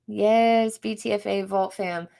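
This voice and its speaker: A woman's voice: mid-range voice, fairly even intonation, a little slow, vocal fry, mellow, clean tone. A woman hosting a casual livestream from home, chatting, greeting viewers by name and laughing often. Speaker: livestream host.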